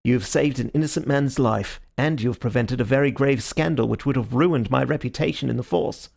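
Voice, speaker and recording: A man's voice: medium pitch, fairly quick, gravelly, a little mellow. A man voicing an indignant, blustering male police inspector in an audiobook reading. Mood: grudging.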